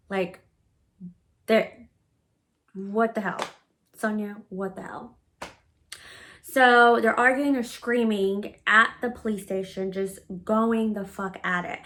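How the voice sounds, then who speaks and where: A woman casually telling a story from her own life. She talks bluntly, swears freely, uses lots of filler words, and acts out her own past words as she goes. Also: mid-range voice. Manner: animated retelling, often acting out her own past words. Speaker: storytime vlogger.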